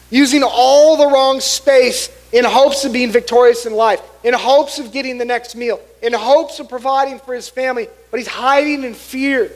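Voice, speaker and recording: A man's voice: very high-pitched, poor audio. A middle-aged man preaching a sermon as pastor in a church, telling the story with acted-out voices. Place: church sanctuary.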